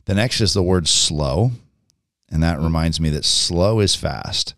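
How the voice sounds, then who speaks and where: A man's voice: sits low, unhurried, fairly bright tone, dry recording, clean studio sound. A middle-aged man hosting his own podcast, telling a long story in a casual, rambling way with many ums and restarts. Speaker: podcast host.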